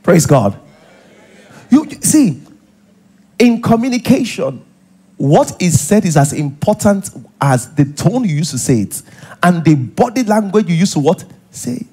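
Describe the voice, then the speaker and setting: A pastor with a Nigerian accent preaches a sermon in a church hall, acting out little scenes and repeating points for emphasis. His voice sits high, warm and husky, sing-song at a measured pace.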